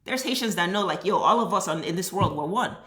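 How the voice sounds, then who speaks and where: A woman's voice: fairly low pitch, expressive, fast, fairly bright tone. A woman giving a heated, exasperated reaction commentary, cursing freely as she vents. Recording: roomy echo.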